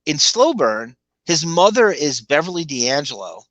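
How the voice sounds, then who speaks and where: A man with a Long Island accent, co-hosting a podcast in a rambling, chuckling way that drifts into quick impressions. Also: on the high side, very animated, fairly bright tone, no echo, dull audio. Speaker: podcast co-host. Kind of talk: casual commentary chat.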